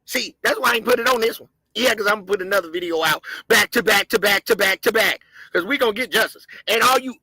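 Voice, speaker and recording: A man hosting a show, giving heated, profane commentary on video footage and often breaking into shouts as he talks to his viewers. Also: high voice, fast, husky, no echo, poor audio. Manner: impassioned, shouting, profane, addresses viewers as gang.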